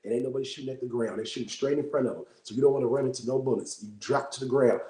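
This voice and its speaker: Bay man, fast mellow delivery, casual livestream storyteller, keeps checking in with listeners, echoey room. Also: medium pitch. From Bay Area, California. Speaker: livestream host.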